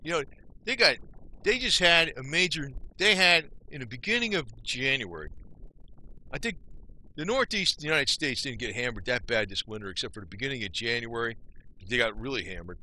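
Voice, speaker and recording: A man's voice: medium pitch, lively intonation, moderate pace, pushed and bright. An older man from New Jersey, talking to the camera in a loose, rambling rant full of "you know.". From Northeast New Jersey. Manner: rambling, folksy, swears mildly, asks "you know?" often. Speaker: vlogger.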